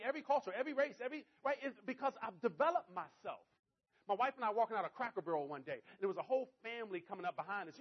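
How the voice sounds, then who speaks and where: A man's voice: breathy edge, dull audio. A middle-aged man giving a motivational talk to a live audience, telling stories and acting out both sides of the dialogue. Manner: animated, pitch rising sharply when excited. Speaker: motivational speaker.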